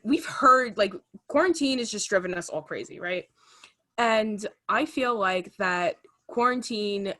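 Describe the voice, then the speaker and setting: Chatty young woman podcast host. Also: mid-range voice. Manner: chatty and animated, lots of fillers. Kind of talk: casual chat.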